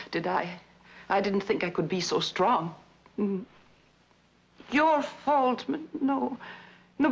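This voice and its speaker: An actress playing an abandoned woman on the phone to her lover, halting and soft-spoken as she insists she is calm. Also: a little high, creaky, heavily acted. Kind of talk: dramatic monologue, one side of a phone call. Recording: dull lo-fi recording.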